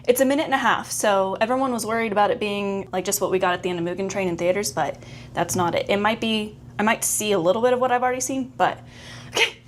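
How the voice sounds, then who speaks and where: A young woman hosting an excited anime reaction vlog, gushing and talking fast. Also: mid-range voice, slight background noise. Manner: bubbly, gushing, gasps and squeals of excitement.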